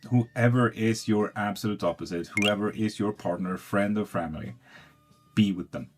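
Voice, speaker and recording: A man's voice: lowish voice, normal speed, over music. A man giving casual tarot readings on a live stream, blunt and swearing freely.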